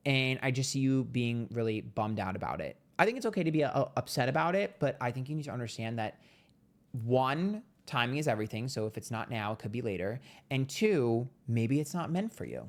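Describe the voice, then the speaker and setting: A man giving a casual monthly tarot reading, blunt and profane, chatty and playful with sudden jumps in pitch. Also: sing-song, fairly quick. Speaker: tarot reader.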